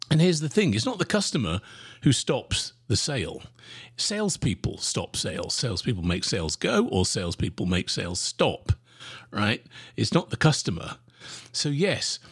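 A man hosting a podcast, giving sales advice in an animated, emphatic coaching manner with sudden pitch jumps. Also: husky. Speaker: sales trainer podcast host. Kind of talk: solo podcast talk.

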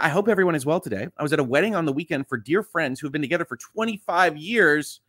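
A man's voice: mid-range voice, lively intonation, very fast, few pauses, fairly bright tone, no echo, clean studio sound. A man who is a lawyer, hosting a casual live stream and reading viewer comments aloud in a chatty way, with lots of fillers. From Southeast Michigan.

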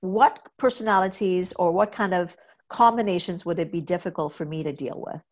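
Attentive woman host, lowish voice. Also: normal speed. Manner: attentive, asks short questions, frequent affirming murmurs. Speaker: podcast host. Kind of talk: casual interview conversation.

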